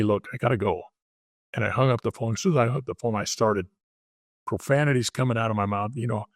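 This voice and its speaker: A man's voice: lowish voice, no echo, studio quality. Older man, plainspoken detective storyteller. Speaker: retired detective, guest. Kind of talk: casual interview storytelling.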